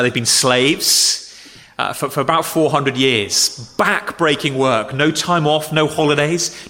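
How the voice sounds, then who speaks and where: Preacher in a reverberant hall. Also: male voice, mid-range voice, sharp tone. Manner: conversational, with acted-out grumbling quotes. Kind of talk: sermon.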